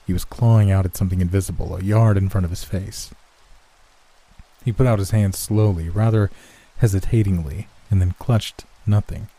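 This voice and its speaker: Low, warm male horror narrator. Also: steady tone, normal speed. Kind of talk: scripted first-person narration.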